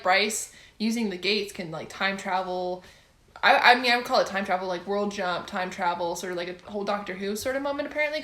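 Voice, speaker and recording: A young adult woman chatting casually about books she has read, gushing and excitable and often laughing. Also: medium pitch, reverberant. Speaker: book vlogger. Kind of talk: casual book review chat.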